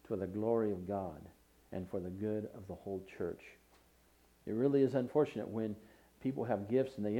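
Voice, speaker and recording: A man's voice: on the low side, warm tone, low-quality recording. A male pastor preaching a sermon, reading scripture aloud with rising emphasis.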